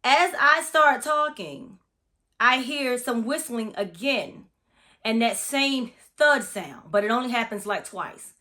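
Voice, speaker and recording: A woman's voice: a little high, animated, slow pace, bright, forceful tone. A woman from Florida, a massage therapist, telling a spooky personal story in a chatty, profane, dramatic way in a casual vlog.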